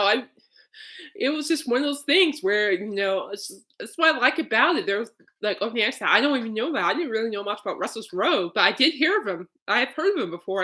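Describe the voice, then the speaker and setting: Bright-voiced chatty woman podcaster. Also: a little high. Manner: chatty and rambling, laughs often. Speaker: podcast host. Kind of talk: casual chat.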